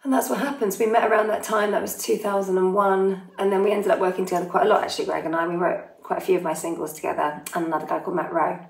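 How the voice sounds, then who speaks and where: A woman's voice: medium pitch, fairly even intonation, very fast, gravelly, hardly any pauses. A woman in her forties chatting casually as she reads out fan questions and answers them one by one, friendly and a little self-deprecating. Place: holiday home in Italy, family in next room. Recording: roomy echo.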